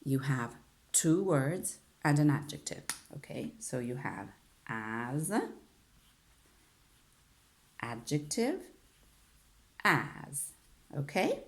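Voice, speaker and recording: Woman, low voice, lively sing-song intonation, English teacher drilling grammar. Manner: slow drilling with many repetitions and "okay?" checks. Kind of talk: online grammar lesson.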